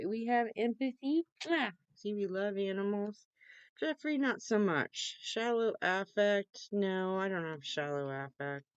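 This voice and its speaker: A woman's voice: clear, resonant tone, no room sound, highs cut off. A young woman vlogging casually from home, chatty and rambling, laughing easily. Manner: baby-talks to her cat in a high voice. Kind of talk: off-the-cuff casual vlog. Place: at home with her computer.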